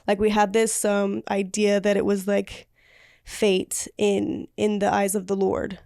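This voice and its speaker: A woman's voice: medium pitch, monotone, unhurried, gravelly, a little mellow, no echo, studio quality. A woman guest in an interview, speaking in a reflective, hesitant way with many fillers. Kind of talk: conversational interview.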